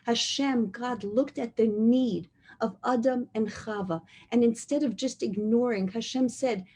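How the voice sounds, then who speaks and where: A middle-aged woman giving an inspirational talk on relationships, earnest and emphatic, slowing down to repeat key phrases. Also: fairly high pitch, dark tone, slightly rough. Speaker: speaker on relationships.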